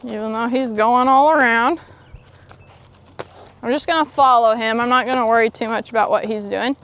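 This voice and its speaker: A woman's voice: on the high side, steady tone, moderate pace, a bit bright, a little hiss or hum. A woman horse trainer outdoors at a ranch, explaining a training demo and giving soothing, encouraging praise to a horse.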